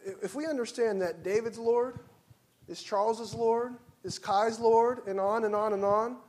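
Pastor, man, higher voice, fervent sermon delivery with hushed and loud swings. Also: a little slow. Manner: passionate preaching, swings from hushed to loud exclamations. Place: church sanctuary.

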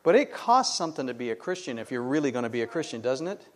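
A man's voice: medium pitch, very animated, fast talker. A middle-aged man preaching a sermon, emphatic and full of rhetorical questions put to the congregation. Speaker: pastor.

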